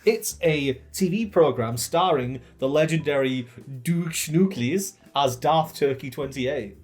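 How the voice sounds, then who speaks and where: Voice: mid-range voice, expressive, unhurried, a little mellow. A co-host joking and bantering casually while reading out patron names. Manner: playful, giggly.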